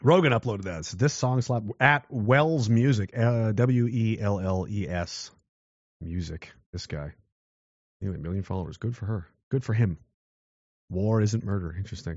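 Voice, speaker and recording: A man talking casually and giving his opinion, swinging into loud mocking voices. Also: lowish voice, dry recording, muffled recording. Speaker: commentator.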